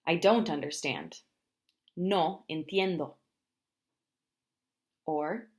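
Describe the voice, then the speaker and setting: Low-voiced woman teaching travel Spanish. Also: expressive, a little mellow. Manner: explains phrases, then says them slowly and repeats them. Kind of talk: language lesson.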